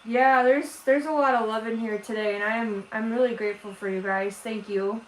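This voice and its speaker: A tearful woman chats with her livestream viewers in a fairly high voice. Her speech is halting and emotional, full of restarts. The room sounds echoey, with a faint hiss of background noise. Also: fairly even intonation. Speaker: artist hosting a livestream. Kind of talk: casual livestream chat with viewers.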